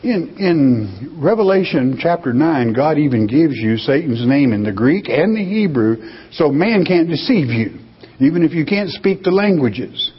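Brief: husky male Bible teacher, emphatic, dull lo-fi sound with long hall reverb. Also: a little high, lively intonation, unhurried. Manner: emphatic, rhetorical questions answered himself.

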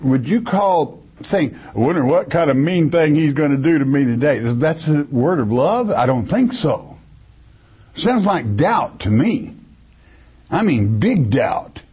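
A man delivers a sermon in a husky, slightly high voice. He reads scripture verses and then breaks them down in plain, folksy talk. The recording sounds dull and lo-fi. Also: expressive, measured pace. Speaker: preacher.

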